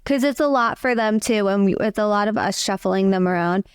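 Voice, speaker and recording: A woman's voice: medium pitch, brisk, clear, resonant tone, no echo, clean studio sound. A woman in her thirties, a mother chatting earnestly with her husband in a casual, filler-heavy way. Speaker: co-host, mother. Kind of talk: casual chat.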